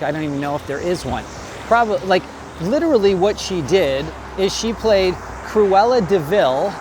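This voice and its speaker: A man's voice: sits high, background noise. A man giving blunt, rambling opinion commentary in a conversational way. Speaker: vlogger.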